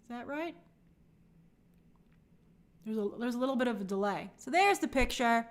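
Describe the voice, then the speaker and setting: Her lively intonation and slightly high voice carry along at a moderate pace as she reads out viewer comments on her live stream from New York. She offers friendly shout-outs, talkative and apologetic.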